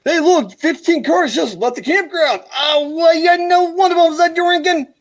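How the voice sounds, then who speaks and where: A man voicing a lazy, goofy male cop on patrol in a squeaky, mocking falsetto. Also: moderate pace. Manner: mocking, jokey.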